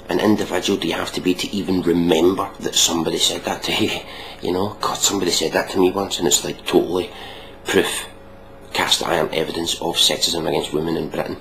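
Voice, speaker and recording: A man with a very deep, gravelly voice rants through a sarcastic reaction commentary, mocking and swearing freely. A faint hum of noise sits under the recording. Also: a bit bright, rough recording. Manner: mocking, ranting, swears often.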